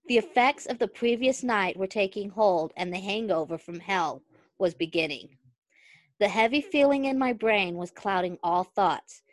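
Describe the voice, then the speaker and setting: A woman podcast host reading a fan fiction story aloud, expressive and quick to break into laughter. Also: medium pitch, dry recording.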